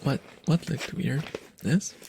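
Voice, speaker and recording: A man rambling softly to his stream audience in ASMR style, self-deprecating and often slipping into whispers, recorded close to the microphone at home. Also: on the high side, slow pace, creaky, a little hiss or hum. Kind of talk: soft rambling ASMR chat.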